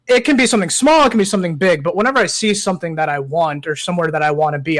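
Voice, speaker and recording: A man's voice: a little high, fairly bright tone. A man speaking as a podcast guest, reflective and a little hesitant, with many fillers. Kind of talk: casual podcast chat.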